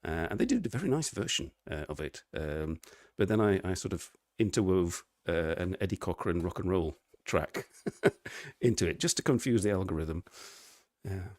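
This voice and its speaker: A middle-aged man hosts a casual live stream from his living room, rambling and greeting viewers by name with frequent laughs. His voice sits low, and the sound is close and dry with little room around it. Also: expressive, normal speed, darkish tone, no room sound.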